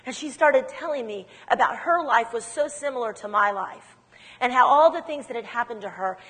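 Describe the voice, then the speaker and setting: A woman telling her testimony in a sermon, in an animated, emphatic storytelling manner. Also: on the high side, in a large hall. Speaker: speaker giving testimony.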